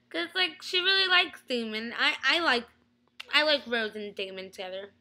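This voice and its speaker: A young woman casually reviewing a TV episode on her vlog, gushing and excitable, full of "like" and "oh my God". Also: sits high, unhurried, rough recording.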